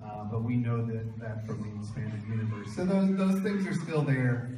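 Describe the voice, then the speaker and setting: A man co-author taking audience questions at a live panel, speaking slowly and stopping often to find his words. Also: medium pitch, mellow. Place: large event room with an audience. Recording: echoey room, distant mic, faint noise.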